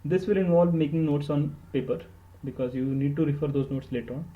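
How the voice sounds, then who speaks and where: A man's voice: on the high side, brisk, phone-quality sound. Earnest Indian man giving study tips. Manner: earnest and emphatic, repeats words for stress, switches into Hindi. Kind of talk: instructional podcast talk.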